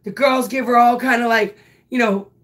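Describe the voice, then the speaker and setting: A woman who coaches softball and teaches, telling a story in an animated, emphatic way with casual swearing. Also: a little high, normal speed.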